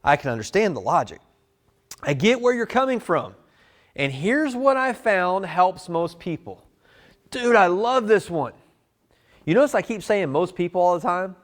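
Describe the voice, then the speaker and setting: Animated man running a sales training. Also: high-pitched, moderate pace. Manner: animated, conversational, drops into customer role-play. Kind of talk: live sales training talk.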